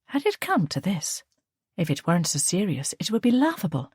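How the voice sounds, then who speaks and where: A woman narrating an audiobook in a measured storytelling manner. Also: medium pitch, big pitch swings, darkish tone, husky, no echo, studio quality. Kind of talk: scripted narration.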